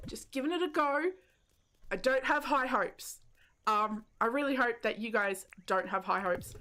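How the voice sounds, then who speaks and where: Woman, higher voice, unhurried, giggly, self-deprecating game-stream chat. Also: pushed and bright, a little hiss or hum. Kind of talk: casual live-stream chat while playing.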